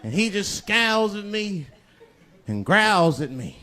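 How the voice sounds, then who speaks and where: On a comedy stage before a live audience, a male stand-up tells loose stories and stretches out his punchlines. His voice is high, sing-song, pushed and bright, with a long reverb tail. The live recording carries crowd noise and audience laughter.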